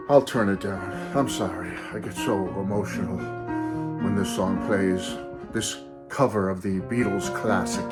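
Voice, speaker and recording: A man's voice: lowish voice, unhurried, loud music behind the voice. A man hosting his own channel, talking in a rambling, self-mocking way and chuckling often as he chats. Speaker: channel host. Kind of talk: casual vlog chat.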